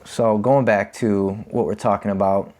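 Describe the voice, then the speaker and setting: A man's voice: lowish voice, moderate pace. A man in his thirties hosting his own show, telling his story of addiction and probation in a candid, conversational way and acting out the people in it. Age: 30s. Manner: candid, animated when acting out quotes. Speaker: podcast host. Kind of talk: confessional storytelling.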